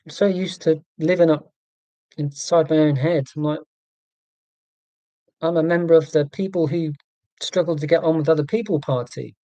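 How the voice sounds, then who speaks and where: On the high side yet dark in tone, this YouTuber's voice stays steady at a moderate pace, pausing often, with no echo. He rambles through a casual live chat, reading out viewer comments and answering them in a wry, self-deprecating way.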